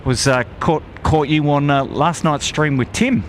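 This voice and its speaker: A man with an Australian accent hosting a live stream outdoors, reading out viewer shout-outs in a friendly, upbeat way. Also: on the high side, measured pace, slight background noise. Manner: upbeat, friendly, lots of "g'day, mate". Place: outdoors at an airport plane spotting spot.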